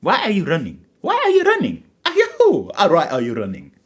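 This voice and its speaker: Mario, a man doing a loud high blustering plumber. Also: huge pitch swings, fairly quick, slightly rough, full character voice. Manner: rambling threats with stumbling restarts. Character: blustering male plumber hero scolding turtles.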